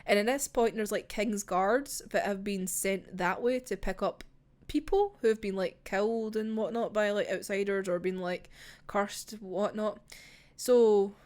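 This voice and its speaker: A young Scottish woman chatting casually about a manga in an animated, gushing way, swearing freely. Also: medium pitch, unhurried. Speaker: manga reviewer. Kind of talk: casual chat.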